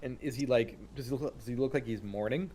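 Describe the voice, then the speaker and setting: A man's voice: mid-range voice, quick pace, warm tone, a little hiss or hum. Curious male tabletop player, mid-range voice. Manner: inquisitive, asks many questions. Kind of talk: casual tabletop game talk.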